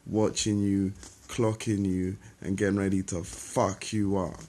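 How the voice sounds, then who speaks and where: A man's voice: low voice, little pitch movement, a little slow, mellow. A young man delivering a sarcastic, confrontational spoken-word monologue straight at his listeners. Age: young adult. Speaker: rapper.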